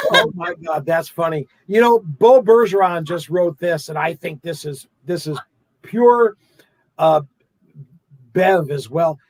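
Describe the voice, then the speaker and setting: A man hosting a casual interview who gets enthusiastic and bursts into loud exclamations. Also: on the high side, sing-song, slow pace, no echo. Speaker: host.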